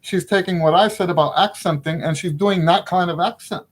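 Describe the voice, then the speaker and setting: Frank middle-aged man, fairly high voice. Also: a little fast, breathy edge. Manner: frank and opinionated, often checks in with "right?". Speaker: trumpet teacher. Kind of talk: casual spoken lesson.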